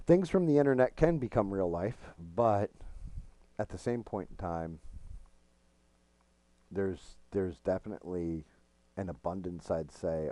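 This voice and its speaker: Middle-aged guy rambling on his stream, swears a lot, low voice, dry sound. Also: warm tone, dry recording. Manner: frank, profane, rambling. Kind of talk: casual gaming stream chat.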